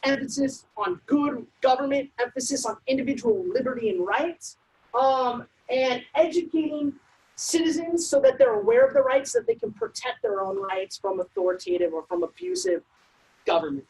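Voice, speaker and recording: A woman presenting a civics workshop, lecturing in a brisk, conversational way with frequent ums and uhs. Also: sits high, expressive, a little mellow, rough recording. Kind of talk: informal lecture.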